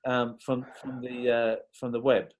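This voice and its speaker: A man's voice: mid-range voice, little pitch movement, measured pace. A man hosting an online show, bringing in guests with hesitant, friendly questions. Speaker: host. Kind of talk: hosting a video call show. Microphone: video call.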